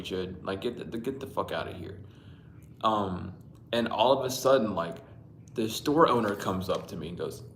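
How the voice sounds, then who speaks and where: A man's voice: on the low side, a bit bright, echoey room, a little hiss or hum. A man casually telling his dreams on a livestream, rambling and swearing, laughing often and greeting viewers by name. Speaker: livestream host reading dreams. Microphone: Bluetooth mic.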